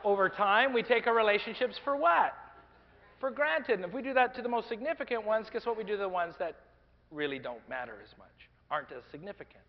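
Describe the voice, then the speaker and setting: A man giving a lively business presentation to a live audience, joking with people in the room. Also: high voice, brisk. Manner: animated, joking with audience members. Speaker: business speaker. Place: large conference hall. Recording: dull lo-fi sound with long hall reverb.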